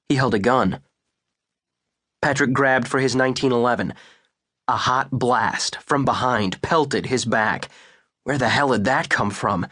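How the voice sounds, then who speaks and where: A male audiobook narrator reading a suspense novel in a measured, deliberate way. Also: medium pitch, a bit bright, no room sound, studio quality. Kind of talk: scripted narration.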